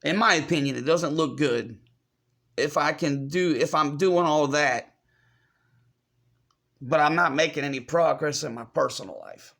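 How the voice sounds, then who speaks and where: A man giving a confessional vlog update to his viewers, choked up and fighting back tears, halting and apologetic as he repeats himself. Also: on the high side, gravelly, fairly bright tone. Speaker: vlogger.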